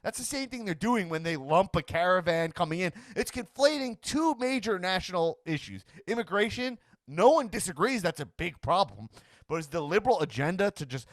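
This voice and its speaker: Hosting a casual talk show, this man rambles, restarts and stammers, breaking into impressions of other people mid-sentence. His voice is high with lively intonation at a moderate pace. It is a dry, studio-quality recording.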